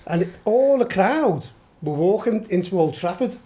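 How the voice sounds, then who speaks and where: A middle-aged man from Liverpool with a Scouse accent, a podcast guest telling a story in a lively, sweary way, often laughing. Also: high-pitched, measured pace. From Liverpool, England. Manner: animated, swears a lot, laughs while telling. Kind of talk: storytelling anecdote.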